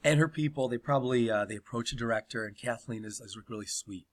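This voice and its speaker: A man's voice: medium pitch, fast. A man hosting a comedy podcast, telling a crude story with plenty of swearing and laughter.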